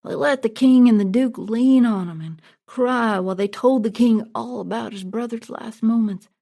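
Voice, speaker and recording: A woman narrating a story in a plain, steady storytelling manner. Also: on the high side, normal speed, vocal fry. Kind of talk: audiobook narration.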